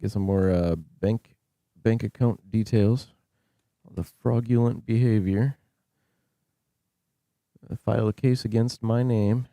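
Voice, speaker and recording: A man in relaxed banter with his live-stream audience, joking as he goes. His voice is on the low side and very dark and mellow. The sound is close and dry. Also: slow, pauses often, dry recording. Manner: joking, laid-back, chatty with viewers. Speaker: scambait livestream host. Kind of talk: casual live-stream chat.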